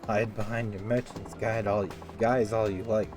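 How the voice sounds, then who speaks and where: A man's voice: on the low side, flat delivery, moderate pace, natural voice. A man voicing a stern old male martial arts master with a solemn, preachy manner and an odd put-on accent.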